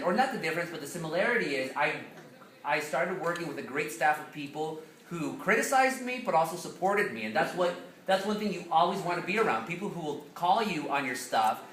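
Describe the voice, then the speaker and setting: A fairly high-voiced man tells lively stories to a room, laughing often as he goes. He sounds a little distant from the mic, and the hall around him rings with echo. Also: a little hiss or hum. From United States. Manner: animated, laughs often, playful Spanish slang. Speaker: guest speaker. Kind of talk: lively storytelling talk to an audience. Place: hall with an audience. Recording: echoey room, mic far off.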